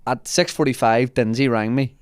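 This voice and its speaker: A man hosting a comedy podcast, telling an animated anecdote in casual chat and laughing often. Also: mid-range voice, moderate pace, clear, resonant tone.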